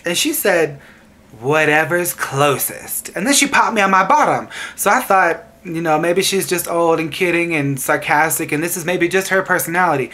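A woman's voice: fairly low pitch, brisk, few pauses, fairly bright tone. A woman hairstylist telling sassy, exasperated stories to camera about rude salon clients, laughing as she goes. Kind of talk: venting storytime to camera.

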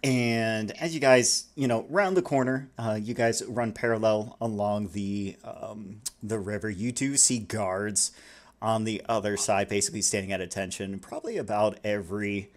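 A man's voice: fairly low pitch, steady tone, normal speed. A man as game master, narrating a tabletop game in a rambling, casual way with many fillers and some swearing.

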